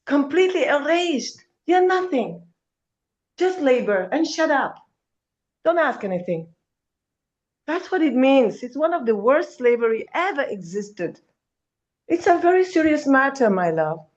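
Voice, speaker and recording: Woman giving a fiery spiritual talk, slow and deliberate, kinda muffled lo-fi audio. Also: sits high, very animated. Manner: emphatic, calls listener darling, swears. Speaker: spiritual speaker.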